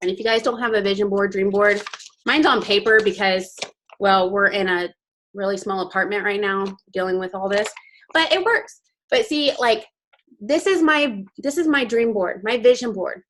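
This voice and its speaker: A woman's voice: medium pitch, moderate pace, a bit bright, slight background noise. A young woman speaking candidly and with emotion to her sales team over a video call, as a motivational guest speaker. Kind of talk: motivational team training talk.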